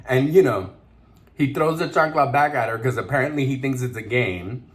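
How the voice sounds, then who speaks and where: A man's voice: medium pitch, normal speed. A man vlogger eating on camera while telling a story, chatty and laughing, mixing in Spanish words. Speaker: mukbang vlogger.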